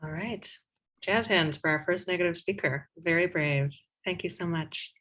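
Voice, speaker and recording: A woman's voice: lowish voice, normal speed, a bit bright, low-quality recording. A woman moderating an online debate, chatty and playful while reading out audience questions.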